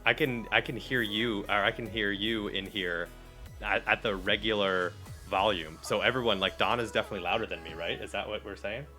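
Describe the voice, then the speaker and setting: A man's voice: fairly low pitch, steady tone, brisk, sharp tone, soft background music. A man co-hosting a casual live stream, joking and rambling in a self-deprecating way. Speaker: co-host.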